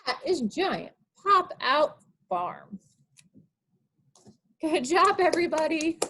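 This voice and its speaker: A woman's voice: high voice, sing-song, slow, bright, forceful tone, slight background noise. A woman, a children's librarian, reading picture books aloud during an online storytime, asking small children sing-song guessing questions.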